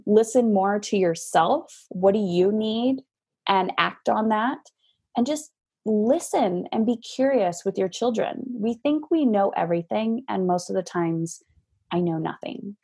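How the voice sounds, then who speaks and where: Husky-voiced woman guest, frank and animated storyteller, coaching parents over a video call. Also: mid-range voice, measured pace. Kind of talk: casual interview talk.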